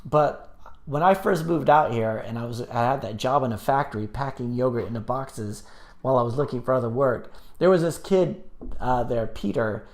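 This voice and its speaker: A man's voice: mid-range voice, moderate pace, darkish tone. A man hosting a live stream, chatting casually and reading viewer comments aloud, rambling with many fillers and restarts.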